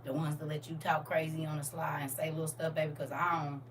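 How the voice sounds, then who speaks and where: A woman's voice: low voice, little pitch movement, fast. A middle-aged woman hosting a live stream, telling blunt stories in casual talk. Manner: blunt, storytelling, scolding. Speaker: TikTok live host. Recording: distant from mic with faint noise.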